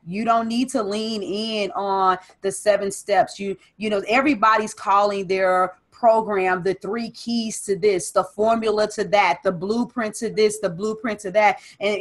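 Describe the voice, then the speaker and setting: A woman's voice: mid-range voice, fairly bright tone. A woman who is a personal development coach and business strategist, talking emphatically in a casual interview conversation. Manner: emphatic, driving coaching talk.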